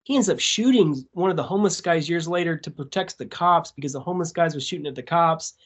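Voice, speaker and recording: A man guesting on a podcast, telling a story in a casual, profane, animated way. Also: a little high, fast. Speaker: tattoo artist.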